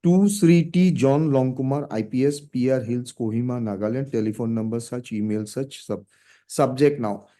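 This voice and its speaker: A man's voice: medium pitch, normal speed, warm tone. A man arguing a case before a judge in a formal, deferential manner, reading documents aloud. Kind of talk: courtroom argument.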